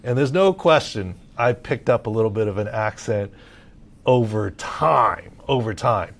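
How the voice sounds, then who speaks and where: A man's voice: fairly low pitch, normal speed. Man chatting casually on a sports podcast. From Southern California. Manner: conversational, animated, frequent filler words. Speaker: sports medicine analyst.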